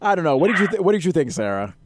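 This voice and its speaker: A man's voice: fairly high pitch, very animated, rapid-fire, background noise. A man hosting a radio talk show, chatting and joking a little tipsy. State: slightly drunk. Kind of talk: casual chat.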